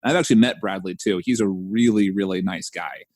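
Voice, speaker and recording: A man hosting a casual podcast chat, telling stories with animated jumps in his voice. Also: brisk, no echo. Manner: animated storyteller, mimics voices with big pitch jumps. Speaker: podcast host.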